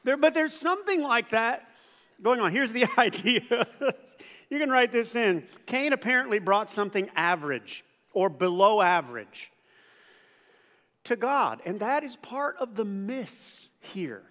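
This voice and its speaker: A man's voice: very high-pitched, sing-song, measured pace, fairly bright tone. A man preaching a sermon as pastor, talking conversationally, asking the congregation questions and acting out quoted voices. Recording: church hall with long reverb.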